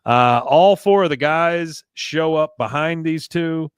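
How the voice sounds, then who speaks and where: A man's voice: fairly high pitch, takes it slowly, smooth, no room sound, clean studio sound. A man hosting a podcast, wryly recapping a cartoon episode with casual swearing. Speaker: podcast host.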